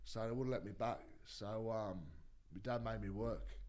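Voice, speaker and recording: Give me an Australian man with a low voice who rambles and swears. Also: steady tone, normal speed, a little mellow. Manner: rambling, swears freely, many fillers and restarts. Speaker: guest, former rugby league player. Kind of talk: casual interview chat.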